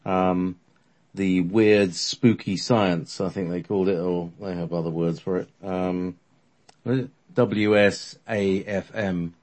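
A man's voice: sits low, steady tone, slow pace, darkish tone. A man casually telling a story, rambling between thoughts with lots of fillers and restarts. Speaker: podcast storyteller.

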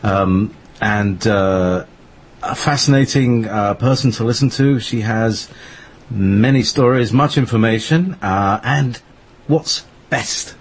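A man hosting an internet radio talk show, slow and rambling with many fillers. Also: on the low side, slightly rough. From Scotland. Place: home studio in northern Scotland.

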